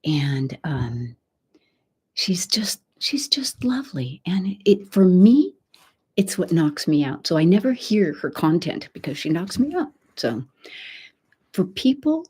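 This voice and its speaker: Woman, Texan accent, ASMR host, soft half-whisper, husky, low-pitched. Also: very animated, slow. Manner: soft-spoken, drifts between whisper and voice. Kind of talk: live stream chat, half whispered.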